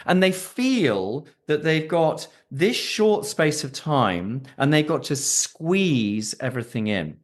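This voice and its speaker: A man with a British accent, a voice coach explaining his methods in an expressive, coaching way during a podcast interview. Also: slow, hardly any pauses. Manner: expressive, coaching tone with lively pitch. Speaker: executive voice coach.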